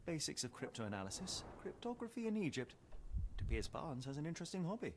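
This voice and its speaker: Detective, sharp, measured, fairly high voice, noisy game sound. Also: male voice, sing-song. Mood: musing. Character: sharp, composed male detective. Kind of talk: video game dialogue.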